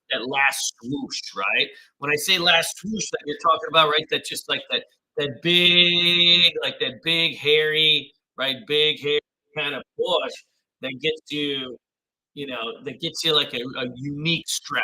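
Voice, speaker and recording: A man's voice: a little high, sharp tone, rough recording. A man hosting a live trading stream, greeting viewers with upbeat slang and walking through charts in casual commentary.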